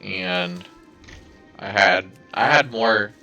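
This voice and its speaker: A man's voice: deep voice, extremely slow, bright, forceful tone, soft background music. A man with a scratchy voice talking casually to his viewers in a vlog, hesitant and full of fillers and restarts. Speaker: video creator.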